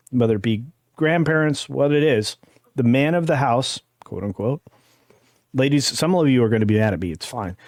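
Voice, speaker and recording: A man hosting a casual panel chat, earnest and halting, often restarting his sentences. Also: mid-range voice, a little mellow, no echo, clean studio sound. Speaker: host.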